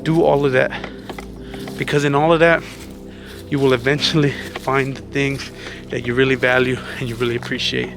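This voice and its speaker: A man's voice: medium pitch, level tone, moderate pace, gravelly, music in the background. A man giving earnest, casual motivational advice in a vlog, a little out of breath, talking like a friend and calling the listener "man". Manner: earnest, conversational, says "man" often. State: slightly out of breath. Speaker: vlogger.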